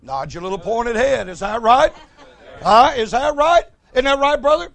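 A man preaching a fiery sermon, asking "is that right" over and over and breaking into shouts. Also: extremely high pitch, animated, normal speed, creaky. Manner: rhythmic, repeats "Is that right?", bursts into shouts.

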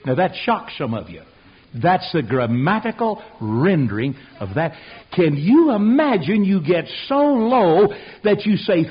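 An older man preaching a sermon, telling folksy stories that swing from quiet asides to loud outbursts. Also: on the high side, big pitch swings, measured pace, husky. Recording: dull lo-fi radio recording.

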